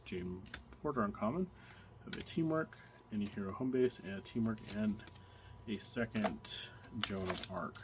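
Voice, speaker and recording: A man's voice: lowish voice, normal speed. A man casually narrating as he opens card packs, thinking aloud with many fillers and restarts. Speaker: card collector opening packs. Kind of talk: casual unboxing commentary. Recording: audible background noise, card crinkling.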